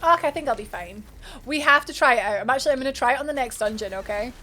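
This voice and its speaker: High-voiced chatty woman streamer. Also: expressive, racing, sharp tone, slight background noise. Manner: chatty, thinks aloud, laughs and gasps often. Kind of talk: live gameplay commentary chatting with viewers.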